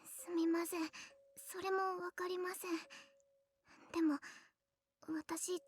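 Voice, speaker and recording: A woman voicing a timid, shy small girl in a visual novel, speaking in a hesitant, halting near-whisper. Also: very high voice, flat delivery, no echo. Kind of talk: Japanese visual novel voice acting.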